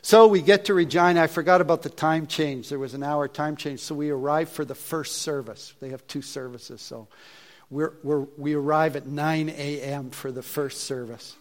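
Animated preacher telling a story. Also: male voice, on the high side, moderate pace. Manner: animated, acts out his own thoughts, drops to hushed asides. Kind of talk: storytelling sermon.

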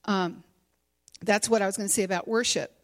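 A woman's voice: mid-range voice, steady tone, a little fast. Candid middle-aged woman giving a testimony. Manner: candid and conversational, with many fillers. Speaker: conference speaker and teacher. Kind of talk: personal testimony talk.

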